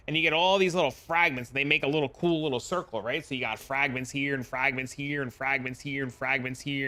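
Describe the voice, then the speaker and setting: A man's voice: mid-range voice, pushed and bright, no echo. A young man streaming a game, explaining it in a rambling, joking, profane way. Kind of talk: casual livestream chat.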